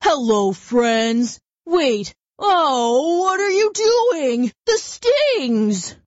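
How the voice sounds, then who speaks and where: A woman voicing a big, lazy, friendly male bear who speaks slowly. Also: a little high, big pitch swings, no echo, muffled recording.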